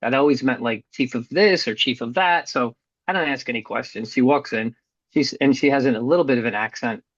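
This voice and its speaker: A man's voice: mid-range voice, a little fast, no room sound, dull audio. A middle-aged man telling a hard personal story as a guest, earnest and blunt, with some casual swearing. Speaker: podcast guest.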